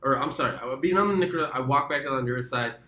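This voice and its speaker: A man's voice: mid-range voice, rapid-fire, pushed and bright. A man from the United States telling a rambling, profane travel story in a casual vlog, often correcting himself mid-sentence. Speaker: travel vlogger. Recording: roomy echo.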